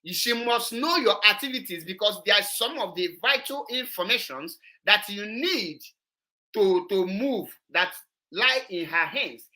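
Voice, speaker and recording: A woman's voice: medium pitch, animated, a little slow, sharp tone. A woman, hosting an online show and commenting on a played clip, emphatic and repetitive. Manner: emphatic, repetitive, switches into Igbo.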